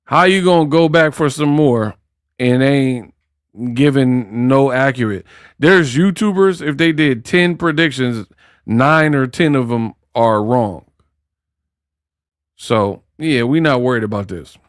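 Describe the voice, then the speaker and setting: A man's voice: medium pitch, takes it slowly, dry recording, clean studio sound. A man hosting casual boxing commentary, trash-talking and joking. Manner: trash-talking, joking, breaks into song and mock accents.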